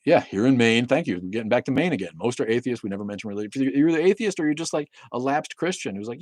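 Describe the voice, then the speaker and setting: A man's voice: medium pitch, animated, very fast, hardly any pauses, no room sound, studio quality. A man in his fifties hosting a casual livestream rant, profane and rambling with many restarts. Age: 50s. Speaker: livestream host. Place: home in Maine.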